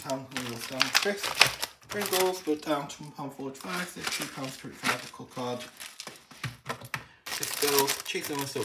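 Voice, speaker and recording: A woman's voice: very deep voice, very noisy. A woman, a parent, doing a casual grocery haul, reading out each item with hesitant fillers. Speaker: parent vlogger. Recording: roomy distant mic with loud bag rustling.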